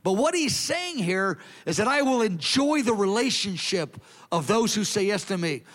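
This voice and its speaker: A man's voice: sits high, sing-song, moderate pace, fairly bright tone. A man preaching a sermon in an earnest, emphatic way, then leading a prayer. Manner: earnest, emphatic, quoting scripture in a raised voice.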